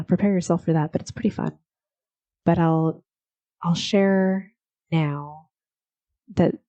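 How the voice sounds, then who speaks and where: Low, mellow-voiced woman podcaster. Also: low-quality recording. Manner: warm, gently encouraging, laughs often. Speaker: podcast host. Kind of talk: reflective solo podcast talk.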